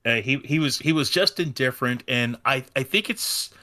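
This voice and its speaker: A man guesting on a casual podcast, talking in a halting way with many restarts. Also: medium pitch, animated, sharp tone. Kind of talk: casual chat.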